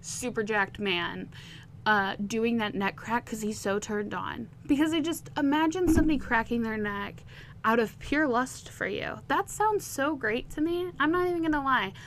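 Chatty woman recapping a book, slightly high. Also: normal speed, a bit bright, slight background noise. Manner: chatty and candid, laughs often. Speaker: podcast host.

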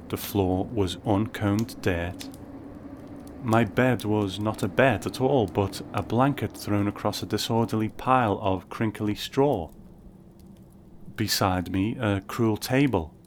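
A man narrating a first-person story in a measured, wry way. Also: fairly low pitch, a little hiss or hum.

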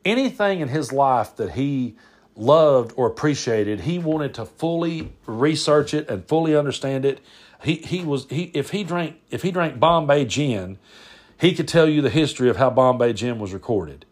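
A man's voice: mid-range voice, animated, normal speed. A man, hosting a podcast and telling casual stories about family, rambling and often restarting his words. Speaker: podcast host. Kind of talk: casual storytelling monologue.

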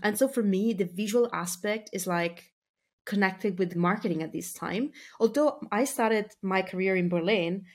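A woman with a medium-pitched voice talks at a moderate pace as a marketing guest on a podcast. Her casual interview talk is chatty and full of fillers, and she laughs easily.

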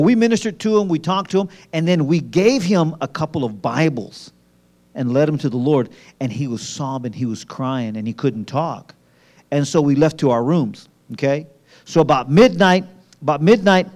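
A man sharing ministry stories in an animated way, repeating phrases for emphasis. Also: medium pitch. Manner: lively, repeats words for emphasis. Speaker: pastor. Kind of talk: animated storytelling.

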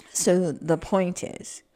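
A woman talking through her thoughts in a rambling, reflective monologue, halting often with fillers and restarts. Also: lowish voice, warm tone.

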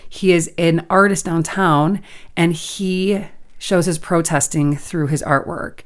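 Here a woman co-hosts a podcast, her voice on the low side and her delivery slow. Chatting casually, she tells a story with lively energy, performing each quote aloud.

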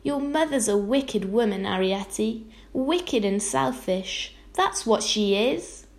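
A woman reading aloud, voicing a fretful, tearful tiny mother who frets and scolds in a raised, slow voice. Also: on the high side, expressive. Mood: self-reproaching. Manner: fussy, tearful, easily alarmed. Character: anxious fretful tiny mother, middle-aged.

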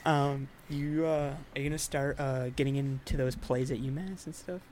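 A man's voice: medium pitch, fairly even intonation, normal speed, a little mellow. A young man hosting a casual podcast from his bedroom, telling a rambling story with laughs. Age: young adult. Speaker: podcast host. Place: bedroom at home.

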